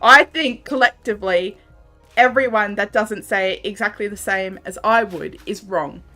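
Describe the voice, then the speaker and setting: A woman's voice: medium pitch, normal speed, sharp tone, faint music behind. A young Australian woman chatting casually with her viewers while gaming on a livestream, laughing often and reading out chat messages. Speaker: streamer.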